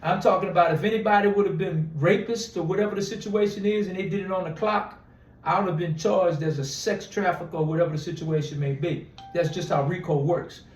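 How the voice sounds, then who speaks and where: A man's voice: sits high, fairly even intonation, a little fast, roomy sound, distant mic, rough recording. A man telling a long personal story in a casual interview, rambling with restarts and acting out quoted dialogue. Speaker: interview guest.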